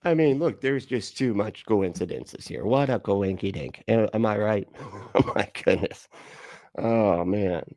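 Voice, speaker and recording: Gravelly, sarcastic livestream host man. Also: fairly low pitch, measured pace, a little mellow, dry recording, studio quality. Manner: mocking, sarcastic, swears and laughs often. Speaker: livestream host reacting to a video. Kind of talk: casual livestream commentary.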